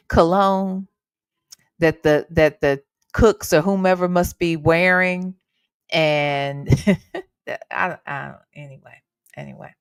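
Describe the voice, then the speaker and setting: A woman's voice: fairly low pitch, clear, resonant tone, dry recording, studio quality. A woman hosting a casual livestream from home, chatting with her viewers and swearing casually into a desk microphone. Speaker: reaction channel host.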